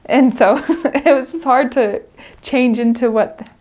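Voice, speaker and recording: A woman's voice: high-pitched, takes it slowly, a little mellow. Earnest young woman recalling her mission. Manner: earnest and chatty, laughing often. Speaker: returned missionary. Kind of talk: interview reflection.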